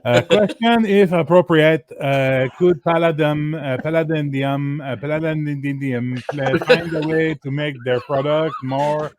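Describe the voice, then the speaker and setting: A man reading out a viewer's question in a put-on French Canadian accent, halting and repeating words. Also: on the high side, fairly even intonation. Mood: playful.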